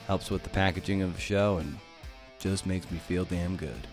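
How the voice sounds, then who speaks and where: Tired, deep-voiced male podcast host. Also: steady tone, normal speed. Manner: laid-back, tired, slightly husky morning voice. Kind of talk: casual interview chat and outro. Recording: music bed behind the voice. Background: guitar music.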